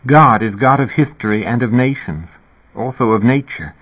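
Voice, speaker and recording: A man voicing a calm, devout young woman who explains things reasonably, his voice lifted a little higher. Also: normal speed, husky. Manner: calm, reasonable, lightly pitched-up. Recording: tinny phone-like radio sound.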